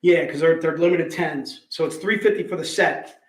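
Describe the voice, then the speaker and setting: A man hosting a livestream and selling collectibles, talking in an excitable, joking way. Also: fairly high pitch, moderate pace. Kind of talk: livestream sales pitch. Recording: echoey room.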